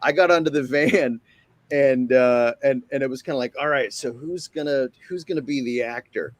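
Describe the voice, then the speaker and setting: A man's voice: mid-range voice, normal speed, no echo. A man telling a rambling, profane story as a guest on a panel chat. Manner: rambling, profane, animated retelling.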